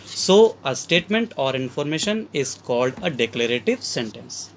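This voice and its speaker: A man's voice: mid-range voice, very animated, normal speed, slight background noise. A man with an Indian English accent, teaching a grammar lesson from slides and explaining each example step by step as he calls his listeners friends.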